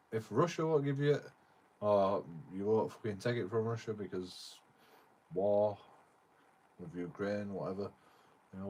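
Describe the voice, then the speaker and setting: A man's voice: on the low side, a little mellow, breathy edge. A man, commenting casually on a clip in a rambling, swearing manner. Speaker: streamer reacting to a clip.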